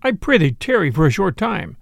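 A merry, shrewd outlaw chief, as a man puts him on in a storybook reading, full of quaint old-fashioned turns of phrase. The voice sits high and lively with a gravelly edge, heard dry and close. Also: fairly quick, no echo, exaggerated voice. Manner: archaic, courtly old-fashioned speech. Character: jolly bold male outlaw leader, merry and shrewd.

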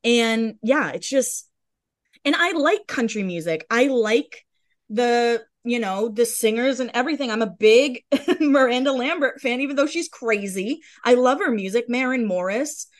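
A woman's voice: a little high, expressive, measured pace. A woman co-hosting a podcast in casual chat, talking bluntly and heatedly and swearing freely. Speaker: podcast co-host.

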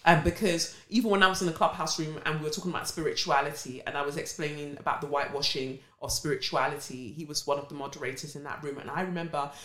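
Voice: medium pitch, fairly even intonation, fast talker, few pauses, pushed and bright, echoey room. A speaker in a casual podcast chat, talking bluntly and with force. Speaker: podcast co-host.

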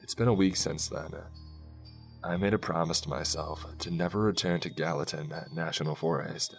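A man narrating a first-person scary story in a slow, hushed way, with soft music behind him. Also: a bass voice, fairly even intonation, creaky. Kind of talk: scripted horror story narration. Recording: faint background music.

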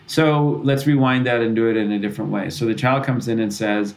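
A man, a psychologist and author, talking as a podcast guest in a relaxed, thoughtful way, often restarting sentences and acting out short parent-and-child exchanges as examples. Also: medium pitch, a little fast, few pauses. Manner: thoughtful, restarts and self-corrects, acts out parent-child dialogue. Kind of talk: conversational explanation.

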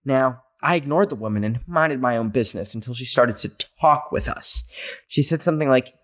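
A man's voice: mid-range voice, a little fast, fairly bright tone. A young man hosting a podcast from home, reading listener stories in a rambling, joking chat full of "like" fillers. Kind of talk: casual chat. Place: home, near a garage.

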